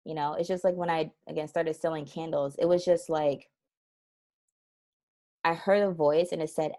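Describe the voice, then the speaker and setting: A woman with a fairly low voice tells a personal story as an interview guest. She laughs easily and acts out the voices of people in her story. Her delivery is casual and animated. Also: moderate pace, long pauses. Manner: laughs often while talking. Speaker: guest, transformation strategist.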